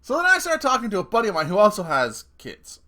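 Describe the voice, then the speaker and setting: A middle-aged man rants to camera about family life in a loose storytelling way. His fairly high, bright voice swings up and down as he gets worked up, with plenty of swearing and laughter at his own jokes. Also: huge pitch swings, quick pace. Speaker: vlogger. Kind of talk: casual storytelling rant.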